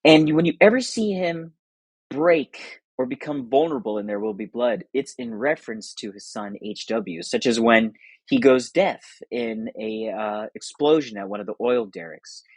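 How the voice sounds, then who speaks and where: A man's voice: mid-range voice, gravelly, breathy edge, no echo, low-quality recording. Enthusiastic young man talking about films. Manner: enthusiastic, quick, laughs often. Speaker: podcast host. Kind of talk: casual film commentary.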